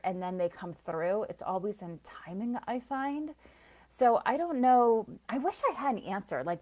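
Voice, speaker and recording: A woman psychic reader chatting loosely on a live stream, rambling from thought to thought, laughing often and answering viewers by name. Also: medium pitch. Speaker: psychic reader and soul coach. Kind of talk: casual live-stream chat.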